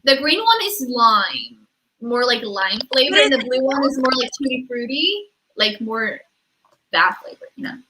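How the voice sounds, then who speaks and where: Young woman host, high and animated, chatty and giggly, video call with noticeable background hiss. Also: moderate pace, rough recording. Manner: chatty, animated, laughs often. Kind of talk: casual group video chat.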